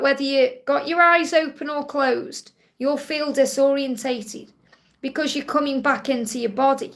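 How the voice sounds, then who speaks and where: A woman's voice: high-pitched, moderate pace, a bit bright. A woman with a Stoke-on-Trent accent hosts a live question-and-answer stream as a spiritual reader, speaking in a soothing, reassuring way and often checking in with "okay?". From England.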